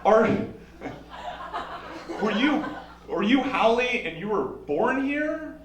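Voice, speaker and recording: A man's voice: very high voice, big pitch swings, slow pace, noisy background. A man doing a stand-up comedy set on a club stage, wry and self-mocking with a punchy delivery. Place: club stage with a live audience. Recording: roomy live sound from a distant mic.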